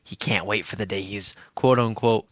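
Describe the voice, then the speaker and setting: A man's voice: on the low side, steady tone, normal speed, a bit bright, no echo, muffled recording. A man co-hosting a comedy podcast, jumping in with playful jokes and bits. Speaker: podcast co-host. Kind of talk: casual comedic banter.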